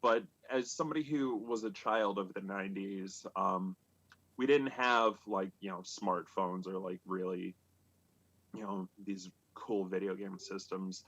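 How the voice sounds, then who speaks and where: A man in his thirties telling a comedic personal story at a live storytelling show, rambling and halting with many fillers and restarts. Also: sits low, fairly even intonation, a bit bright, poor audio. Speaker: stand-up comic telling stories.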